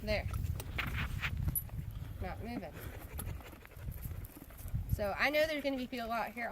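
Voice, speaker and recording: A woman's voice: on the high side, unhurried, long pauses. A woman horse trainer giving chatty instructional commentary while riding, repeating key words for emphasis. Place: outdoors with a horse. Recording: noisy outdoor audio with hoofbeats.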